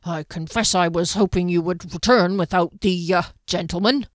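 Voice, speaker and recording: A woman narrator voicing a fussy male innkeeper who speaks in an obsequious, eager-to-serve manner with hesitant pauses. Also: lowish voice, no echo, studio quality, natural voice. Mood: ingratiating.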